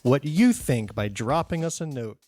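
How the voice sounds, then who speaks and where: A man's voice: mid-range voice, big pitch swings, moderate pace, a little mellow, no room sound. A man co-hosting a podcast, telling stories in a wry, casual way. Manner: wry, storytelling. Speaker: podcast co-host. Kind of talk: casual chat.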